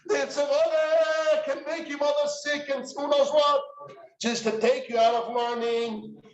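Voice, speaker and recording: Man doing strict old rabbi laying down the law, firm and insistent, high voice. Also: flat delivery, measured pace, a little hiss or hum. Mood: stern. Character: stern revered old male rabbi, firm. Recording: echoey room, dull sound.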